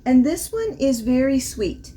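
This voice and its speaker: A woman's voice: sits high, very animated, measured pace, warm tone, slight background noise. A woman vlogging a casual fragrance review, chatty and rambling, laughing often as she describes the notes. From not from the American South.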